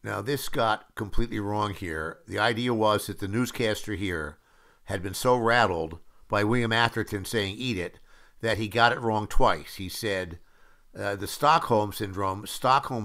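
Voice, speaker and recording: A man's voice: lowish voice, a little slow, a bit bright. A man in his seventies, a screenwriter, giving an anecdotal film audio commentary with frequent fillers and acted-out quotes.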